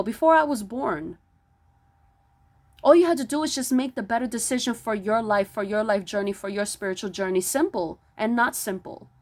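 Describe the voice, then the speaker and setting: A fairly high-voiced woman preaching about spiritual self-work with mounting intensity. She restarts her words often and builds into loud, emphatic rhetorical questions, close to yelling. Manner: stammering restarts. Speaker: spiritual vlogger. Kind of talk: impassioned spiritual monologue.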